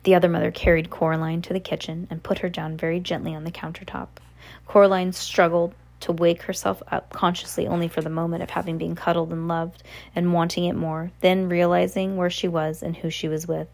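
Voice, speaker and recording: A woman reads a children's novel aloud in a relaxed, homespun manner, correcting her slips as she goes. Her voice is low-pitched with plenty of gravelly fry. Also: a little fast. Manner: casual, unpolished read with self-corrections. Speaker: reader.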